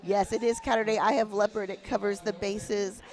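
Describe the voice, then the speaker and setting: A woman's voice: mid-range voice, little pitch movement, moderate pace, a little mellow. Chatty female derby commentator. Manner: chatty, friendly, reads names carefully. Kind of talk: live sports commentary. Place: arena broadcast booth.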